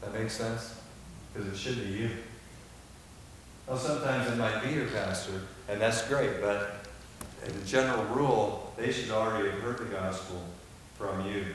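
A man's voice: mid-range voice, animated, a little slow. Older male pastor, emphatic sermon delivery, distant mic in a very reverberant church hall. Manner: emphatic preaching that swings from quiet to loud. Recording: echoey hall from far off, faint hiss.

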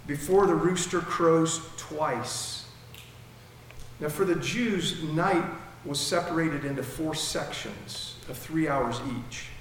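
A male pastor's slightly high voice rings through a large, reverberant hall as he preaches with emphasis and a dry mouth, swinging dramatically in loudness. The recording carries long reverb and a little hiss or hum.

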